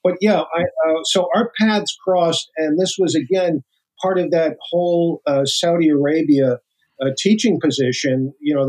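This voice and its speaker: A man's voice: on the high side, poor audio. An older man, a former agent, telling stories in an interview with many restarts. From United States. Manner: animated anecdotes, acts out quoted voices, many restarts. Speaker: guest, former FBI agent. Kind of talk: storytelling interview talk.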